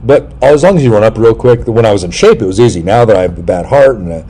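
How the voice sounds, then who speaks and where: Low, mellow-voiced man telling rambling jokey stories. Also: animated, quick pace. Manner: rambling, jokey storytelling with sudden loud yelps. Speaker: podcast host. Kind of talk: casual interview chat.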